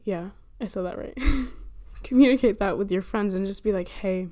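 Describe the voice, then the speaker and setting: A young woman talks alone into her microphone in a loose, rambling podcast monologue. She fills her sentences with "like," laughs at herself often and drifts between advice and self-teasing. Her pitch sits in an ordinary middle range. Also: normal speed, a little mellow. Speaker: podcast host. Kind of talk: casual solo podcast monologue. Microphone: handheld or desk microphone she bumps.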